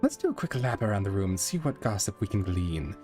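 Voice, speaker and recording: A man's voice: lowish voice, very animated, quick pace, mellow, soft background music. A man voicing a refined female fashion-designer pony, affected and fond of saying darling. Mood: prim. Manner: uppity, affected, calls everyone darling.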